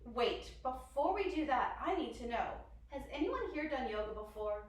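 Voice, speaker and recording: A young woman leads a guided kids' yoga class in a high, animated voice at normal speed, bubbly and encouraging and making animal sounds along the way. She's heard from far off in a very echoey room.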